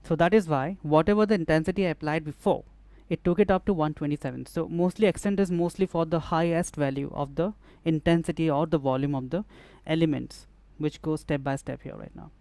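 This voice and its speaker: Man teaching music software, clear dry voice. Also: on the high side, a little fast, few pauses, no echo. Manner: explanatory, repeats and restarts phrases while demonstrating. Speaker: music production instructor. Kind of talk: hands-on software tutorial.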